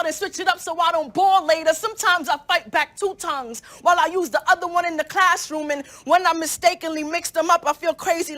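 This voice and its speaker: A young woman performs spoken word poetry in a very high, bright voice. She delivers her lines with rhythm and rhyme, pressing hard on key words. It sounds like a student poet on stage. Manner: rhythmic, rhyming, emphatic delivery.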